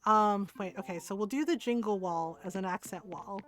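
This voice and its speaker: A woman's voice: mid-range voice, moderate pace, soft background music. A middle-aged woman streamer telling family stories casually while gaming, laughing often and swearing freely.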